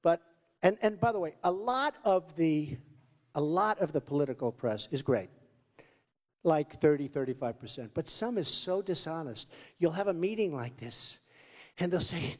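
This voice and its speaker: A man on stage at a campaign rally, talking off the cuff in a rambling, boastful way that keeps circling back on itself. His voice sits fairly high and swings up and down a lot. It rings out with the long reverb of a big hall. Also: expressive, normal speed, a little mellow. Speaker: political candidate. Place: large rally venue.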